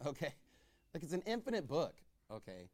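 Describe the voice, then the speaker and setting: A male pastor preaching a sermon, reading scripture slowly and swinging between loud shouted calls and low quiet asides. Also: wildly swooping pitch. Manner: reads scripture in slow, drawn-out cadence.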